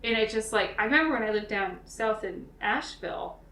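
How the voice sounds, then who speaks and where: Bright raspy woman in an echoey room. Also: fairly high pitch, fairly quick. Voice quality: raspy lately. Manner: animated, with many fillers. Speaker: podcast co-host. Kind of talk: casual chat.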